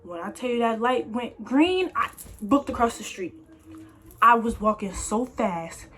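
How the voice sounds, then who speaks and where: A young woman vlogger telling a story in a casual, slangy, animated way. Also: on the high side, a little slow, a little hiss or hum. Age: young adult.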